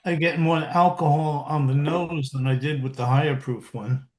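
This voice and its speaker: A man at a whiskey club tasting, his voice sitting fairly high for a man. He chats casually and slips in dry, understated jokes. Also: steady tone, moderate pace.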